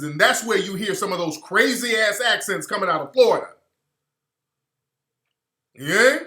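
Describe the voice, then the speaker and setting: In an echoey room, a radio talk show host speaks in a high, pushed, bright voice. His casual commentary to listeners is slangy and wandering, drifting off as he searches for information.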